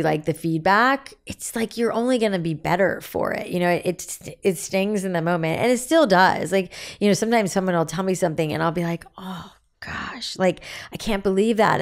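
A woman's voice: lowish voice, smooth. A woman in her forties speaking candidly as a podcast guest, telling stories animatedly and acting out quoted dialogue. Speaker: guest, business founder.

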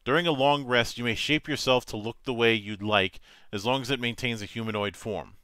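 A man acting as game master, reading tabletop game rules aloud in a measured, matter-of-fact way with small stumbles. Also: medium pitch, bright, forceful tone, no echo.

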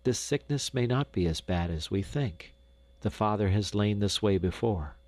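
A man voicing a weary, gentle poor mother who speaks low and soothingly in a storybook reading. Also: animated, normal speed, no room sound, natural voice.

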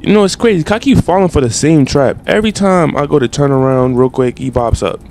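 A man's voice: a little high, fairly quick, slight background noise. A young man doing casual, trash-talking commentary while playing a game. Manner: animated, trash-talking, slangy. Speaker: gaming streamer.

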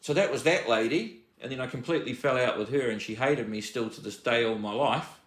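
A man's voice: medium pitch, brisk, reverberant. A man telling a personal story to camera, agitated and rambling, restarting sentences and swearing. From New Zealand.

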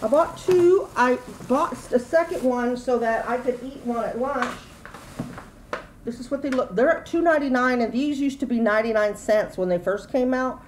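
A woman's voice: fairly high pitch, moderate pace, slight background noise, low-quality recording. A middle-aged woman, chatting casually and rambling through a grocery haul at home. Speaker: YouTube vlogger.

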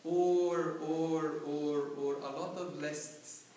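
A man preaching a sermon in a church, telling a story slowly and building up to loud cries. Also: on the high side, fairly even intonation, a little hiss or hum. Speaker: priest. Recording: echoey live church recording from far off.

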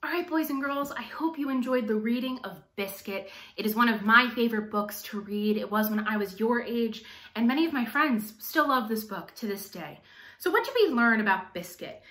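A young woman teaching artist hosts a children's storytime, speaking directly and cheerfully to the kids. Her voice is high, bright and lively in pitch. The sound carries a roomy echo. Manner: upbeat, addresses children directly. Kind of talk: children's storytime and activity lesson.

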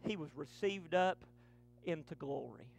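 A man, preaching a fervent sermon to his church, punctuating lines with breathy "uh"s. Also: a little high, a little slow, no echo, soft background music. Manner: fervent preaching with rising, shouted runs and many "uh" breaths. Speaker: pastor. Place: church sanctuary.

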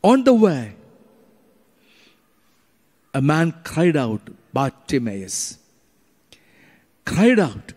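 Male priest, middle-aged, slow emphatic sermon, lively rising and falling voice, long church reverb. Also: fairly high pitch. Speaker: priest leading adoration. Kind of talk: sermon during Eucharistic adoration. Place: church or retreat chapel.

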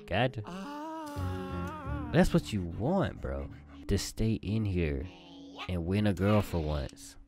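Excitable young man swearing over a game. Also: sits low, slow, pauses often. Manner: loud excitable swearing banter with slang. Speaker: gamer commentator. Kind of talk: casual let's-play commentary. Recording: game music behind.

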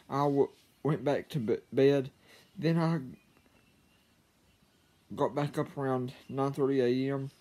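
A man telling a personal story to his viewers, halting, with frequent stammers and restarts. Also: mid-range voice, darkish tone. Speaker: vlogger. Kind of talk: casual storytelling to camera.

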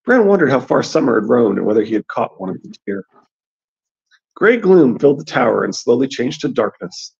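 A man's voice: mid-range voice, big pitch swings, fairly quick, creaky, breathy edge. A man reading a novel aloud expressively, with his own commentary in between. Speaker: audiobook reader and theory commentator. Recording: dull lo-fi recording.

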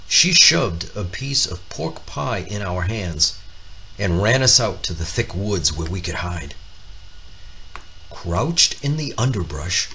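A man reads a picture book aloud at an unhurried, deliberate pace. His voice is bright and forward, rising sharply whenever a character speaks. Faint noise sits under the recording. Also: gravelly. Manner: expressive, voicing characters with raised pitch. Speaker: storybook reader.

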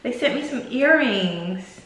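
Unboxing gifts on camera, a young female vlogger gushes and chats casually, leaning on "like" and "y'all." Her voice is a little high and a bit bright, with lively intonation, and she takes it slowly. The echoey room carries faint noise.

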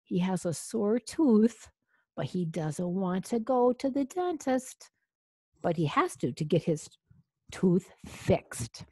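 A woman reading a children's picture book aloud, gently explaining the story to a young listener. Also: mid-range voice, sing-song, slow, slightly rough, no room sound, clean studio sound.

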